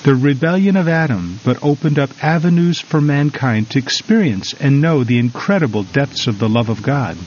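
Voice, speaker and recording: A man reading a devotional story and reflection in a measured, solemn manner with drawn-out emphasis. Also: mid-range voice, a little mellow. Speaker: devotional reader. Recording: slightly dull recording over faint music.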